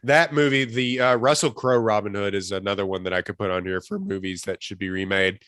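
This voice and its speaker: A man co-hosting a podcast in casual chat, animated and swearing, often breaking off mid-sentence. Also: on the low side, fairly quick, dry recording. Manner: animated, swearing, self-interrupting. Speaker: podcast co-host.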